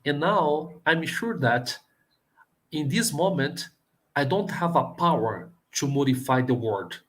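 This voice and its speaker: A man from Brazil with a Brazilian Portuguese accent, a professor answering questions in a live online talk, earnest and halting, with many fillers and restarts. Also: fairly high pitch, expressive. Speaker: plenary speaker, professor.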